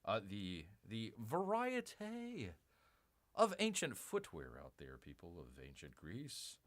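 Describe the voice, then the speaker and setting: Casting note: streamer doing a soft, low, solemn male public-radio host, measured and hushed. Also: huge pitch swings, exaggerated voice. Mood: mock-serious. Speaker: game streamer. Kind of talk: mock radio presenting.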